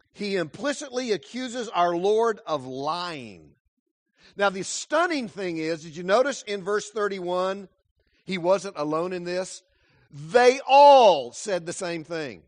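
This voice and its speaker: A male pastor preaching a sermon, dramatic, swinging between loud emphasis and hushed asides. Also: sits high, no room sound.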